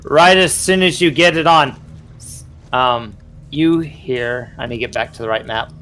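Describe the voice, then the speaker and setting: A man's voice: medium pitch, a little slow, pushed and bright. A man running a tabletop role-playing game as game master, checking rules and narrating scenes.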